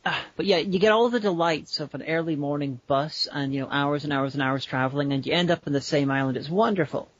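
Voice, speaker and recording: Northern Irish woman, quick-talking podcast co-host, wry, dull lo-fi sound. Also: deep voice. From Northern Ireland. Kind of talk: casual chat.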